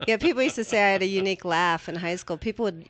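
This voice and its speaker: A woman's voice: mid-range voice, fast talker, fairly bright tone. A middle-aged woman co-hosting a local radio show. She chats in a bubbly, talkative way with a distinctive voice and sounds a little congested. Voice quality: distinctive voice that people recognize. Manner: bubbly and talkative, laughs often. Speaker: radio co-host. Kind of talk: casual radio chat.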